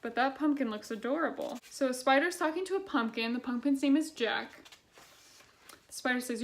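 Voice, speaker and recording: A woman's voice: sits high, expressive, fairly quick, vocal fry. A young woman casually reading children's books aloud and adding chatty, sarcastic commentary. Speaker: book vlogger.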